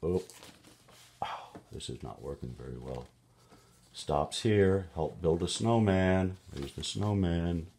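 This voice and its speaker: Slowly and playfully, a deep-voiced man reads a picture book to a child, adding gasps and toots between pages. His voice has vocal fry and a darkish tone, with slight background noise.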